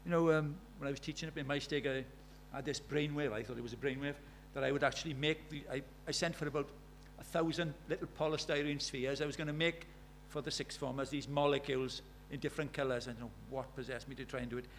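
A man with a South Welsh accent preaching a sermon, earnest, moving from loud emphasis to hushed storytelling. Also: mid-range voice, steady tone, fast, few pauses, slight background noise. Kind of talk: sermon with personal stories.

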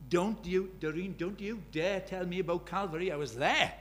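A man's voice: high-pitched, normal speed, fairly bright tone, soft background music. A man voicing a male devil who whispers taunts into a listener's ear, as part of a sermon story. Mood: taunting. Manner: taunting, defiant.

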